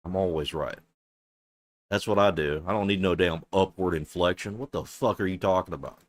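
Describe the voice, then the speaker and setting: A man streaming, reacting to a clip with sarcastic, profane, flatly delivered commentary. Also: low voice, normal speed, no echo. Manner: flat deadpan delivery.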